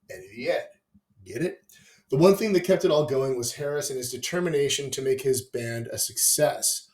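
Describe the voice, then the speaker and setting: Guy ranting happily about metal albums, swears a lot, middle pitch, roomy echo. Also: a little mellow. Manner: enthusiastic, profane, wry asides. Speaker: music review host. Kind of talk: opinionated album review monologue.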